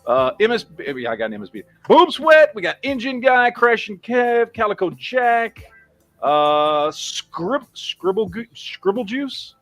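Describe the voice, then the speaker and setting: A man's voice: high-pitched, big pitch swings, moderate pace, fairly bright tone, dry recording, faint music behind. Profane Texan man hosting a livestream. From Texas. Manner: rambling, profane, reads chat names aloud. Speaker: livestream host. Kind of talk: casual livestream chat.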